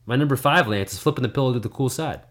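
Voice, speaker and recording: Man, podcast co-host, casual chat, rambling, laid-back, medium pitch. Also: fast talker, fairly bright tone.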